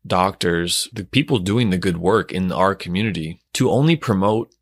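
A male audiologist calmly explaining things in an educational commentary. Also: sits low, normal speed, dry recording. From United States. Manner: calm, explanatory.

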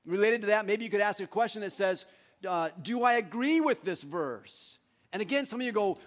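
A man with a high-pitched voice preaching a sermon to his congregation. He is animated, breaks into joking asides and acts out little voices to make his points. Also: normal speed. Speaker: pastor.

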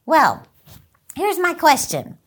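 Lively, animated woman telling stories. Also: very high voice, slow pace. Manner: animated, excitable storyteller who laughs often. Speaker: inspirational speaker and channel host. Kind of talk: motivational talk with storytelling.

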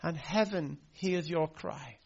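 A man in his thirties or forties preaches a heartfelt sermon with a gravelly edge to his voice. He tells a story with many hesitant fillers. The recording sounds dull and lo-fi. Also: a little high, slow. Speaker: pastor.

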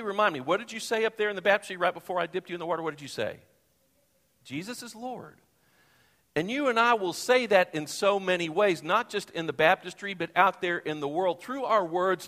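A man preaching a sermon from the pulpit, expressive, acting out the Bible quotes he tells. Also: fairly high pitch. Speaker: pastor. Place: church sanctuary. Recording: long reverb of a church hall.

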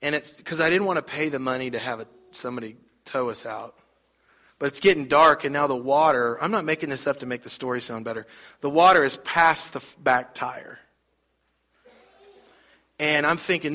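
A man's voice: medium pitch, normal speed, sharp tone. A middle-aged man preaching a sermon, telling a story conversationally and putting rhetorical questions to the congregation. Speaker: pastor.

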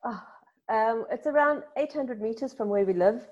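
Female guest, mellow voice, gushing and upbeat, muffled lo-fi line. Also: a little high, moderate pace. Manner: enthusiastic, effusive. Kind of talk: casual chat.

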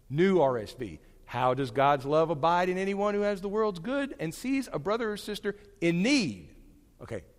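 Guy teaching a bible class, super animated, voice jumping all over, big echoey hall. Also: fairly high pitch. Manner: animated, digressive, with frequent asides and restarts. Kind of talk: conversational church teaching.

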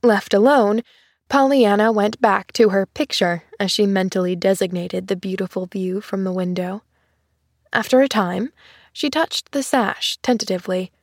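A woman narrating a classic children's story in a measured, gentle storytelling voice. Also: mid-range voice, no room sound, clean studio sound. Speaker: audiobook narrator.

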